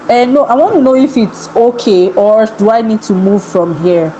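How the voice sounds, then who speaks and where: A woman talks over a video call, her voice slightly off from being under the weather. She is chatty and breaks into laughter often, with a mellow tone and a faint generator hum behind her. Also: fairly high pitch, expressive, normal speed, poor audio. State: a little under the weather, voice not clear. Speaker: guest speaker. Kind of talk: online talk. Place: home with a generator running nearby.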